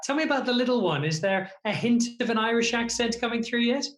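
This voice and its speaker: A man hosting a talk show, interviewing guests remotely with lively, jokey questions. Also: very high voice, fast talker. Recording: echoey room.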